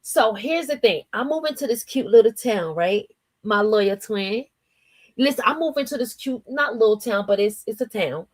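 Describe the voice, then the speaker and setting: Speaking at a normal pace in an animated, somewhat high voice, a livestream host from New Jersey runs her casual morning stream with a New Jersey accent. She chats in slang, laughs a lot, and reads messages from her chat out loud.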